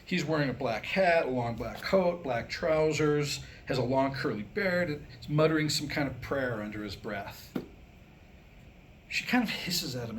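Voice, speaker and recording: A man giving a staged comedy reading, telling jokes and slipping into quick voices for the quoted people. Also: mid-range voice, expressive, a little hiss or hum. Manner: telling jokes, laughing at his own lines. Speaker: script reader.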